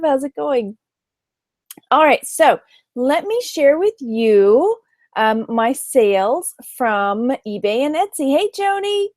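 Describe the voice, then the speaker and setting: A woman's voice: high-pitched, a little mellow, no room sound, studio quality. A woman with a Texan accent chatting casually on a late-night live stream, tired and greeting viewers by name as she goes. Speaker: online reseller doing a live stream.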